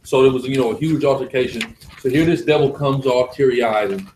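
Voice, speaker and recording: Male teacher preaching emphatically at a live class, mid pitch, roomy echo, light background noise. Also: fairly quick. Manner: forceful, emphatic, repeats for stress.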